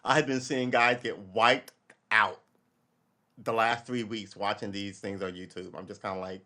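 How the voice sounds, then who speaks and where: A man's voice: lowish voice, fairly even intonation, bright, forceful tone. A middle-aged man hosting a live stream, giving casual, rambling commentary as he reads and reacts to a news article, swearing freely. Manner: rambling and profane, acts out quick imagined dialogue.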